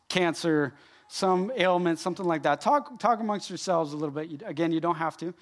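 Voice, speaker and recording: High-voiced animated male preacher. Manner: animated and emphatic, addressing the room directly. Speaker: pastor. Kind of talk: sermon to a congregation.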